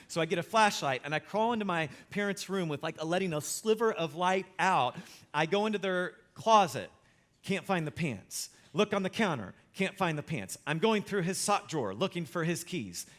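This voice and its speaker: A man preaching a sermon as pastor, telling a funny story in a lively, self-mocking way. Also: high-pitched.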